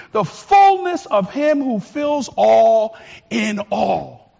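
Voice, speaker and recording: A male pastor preaching a sermon with passion, swinging from quiet, earnest words to shouts. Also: extremely high pitch, dull audio.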